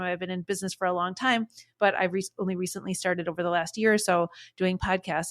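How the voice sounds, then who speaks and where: A woman's voice: mid-range voice, fairly bright tone, no echo. Chatty woman host, dry close sound. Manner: enthusiastic, chatty storytelling with many "like"s. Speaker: podcast host, educator. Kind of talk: casual conversational chat.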